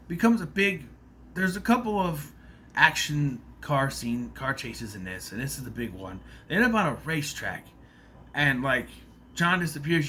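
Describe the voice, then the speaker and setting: A man's voice: fairly high pitch, sharp tone, slight background noise. A man casually recapping a movie plot in a rambling, loose way, swearing freely as he goes.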